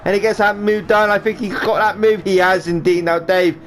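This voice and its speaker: With a high, fairly bright voice that barely moves in pitch, he speaks at normal speed. He jokes and rambles through live commentary on the sim race he's driving, slipping into silly driver voices, with game sound humming faintly.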